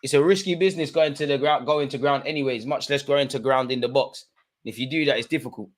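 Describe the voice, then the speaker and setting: A man doing live football watch-along commentary. He talks in slangy banter and gets excitable, shouting at the referee. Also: mid-range voice, fast. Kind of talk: live match reaction commentary.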